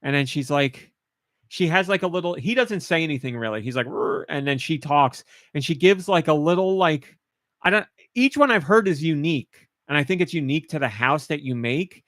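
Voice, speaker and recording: A man's voice: fairly high pitch, expressive, fairly quick, a bit bright, no room sound, studio quality. A man hosting a podcast in casual chat, gushing with emotion and getting choked up and tearful as he talks. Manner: emotional, gushing, laughs while choking up. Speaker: podcast host.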